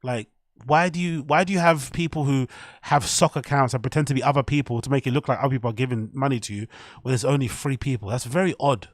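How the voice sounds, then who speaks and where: A man's voice: medium pitch, quick pace, no echo, clean studio sound. A man, commenting to his chat on a live stream in a rambling, profane way.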